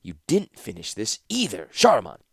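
A man's voice: on the low side, wildly swooping pitch, moderate pace, gravelly, a bit bright, breathy edge, dry recording, studio quality, full character voice. A man reading the part of a grief-stricken older master artificer whose voice sounds strangled. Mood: vengeful. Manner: strangled, rising to vengeful resolve.

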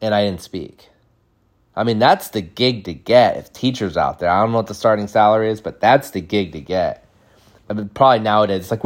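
A man in his thirties doing a comedic storytelling monologue, rambling with lots of "like" and "dude.". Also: on the low side. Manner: animated, jumps into quick voices. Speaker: podcast host.

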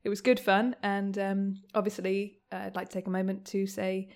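A woman's voice: mid-range voice, flat delivery, normal speed, darkish tone. Giggly young woman guest, full of ums. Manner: laughs often while talking, hesitant with many ums. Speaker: podcast guest. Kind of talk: casual chat.

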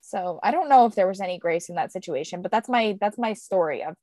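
A young mother co-hosts a casual podcast and tells her story with animated energy. Her voice sits at a medium pitch and swings widely when she gets excited. The sound is dry and close. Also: quick pace, no room sound. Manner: animated storyteller, squeaky voices for quoted baby. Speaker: podcast co-host. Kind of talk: casual chat.

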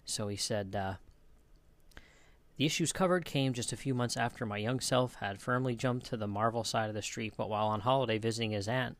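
Man, podcast host, gravelly, somewhat low voice, chuckling, relaxed mailbag reading. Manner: relaxed, chuckles often, frequent um and uh. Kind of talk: casual reading of listener mail.

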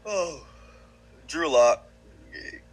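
A young adult man co-hosting a sports podcast, who teases and mocks in quick joking riffs. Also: a little high, expressive. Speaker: podcast co-host. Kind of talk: casual sports chat.

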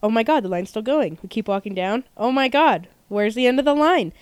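A young woman rambles through a story as a podcast co-host, tossing in fillers as she goes. Her voice is smooth and clear, recorded dry and close with no room sound. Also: a little high, animated, a little fast, dry recording. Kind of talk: casual chat.

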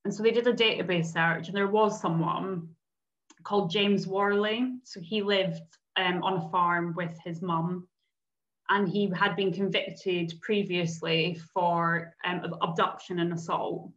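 A woman's voice: fairly low pitch, measured pace. A woman, co-hosting a podcast and recounting a case in casual chat, acting out quotes as she goes. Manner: animated storyteller, acts out quotes. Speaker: podcast co-host. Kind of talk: casual true-crime chat. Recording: slightly dull lo-fi sound.

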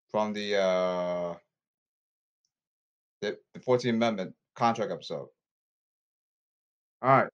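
A man ranting on his own podcast, repeating himself and calling people out, swinging from apologetic mutters to shouts. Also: lowish voice, a little slow, pauses often, lo-fi sound. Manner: repetitive, emphatic, calling people out. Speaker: podcast host. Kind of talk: rambling solo podcast rant.

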